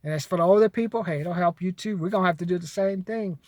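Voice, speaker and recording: A man's voice: sits high, fast, darkish tone, no echo. A man giving blunt, profane money advice in a casual monologue to camera.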